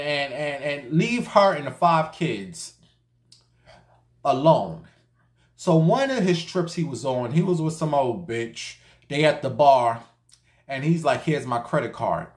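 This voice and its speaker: A man's voice: a little high, animated, slow. A man telling a gossip story in a sassy, profane, slangy way, addressing his viewers directly. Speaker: storytime vlogger. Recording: echoey room.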